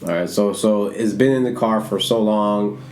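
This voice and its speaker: A man's voice: lowish voice, fairly even intonation, normal speed, darkish tone, slight background noise. A man co-hosting a casual podcast, recapping the story and adding dramatic asides. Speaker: podcast co-host. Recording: roomy sound with faint guitar music.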